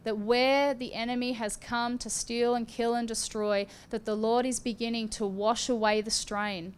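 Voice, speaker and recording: A woman preaching and giving prophecy in a fervent charismatic style, with rising exclamations and sharp gasps. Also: a little high, steady tone, normal speed, smooth. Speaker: prophetic minister.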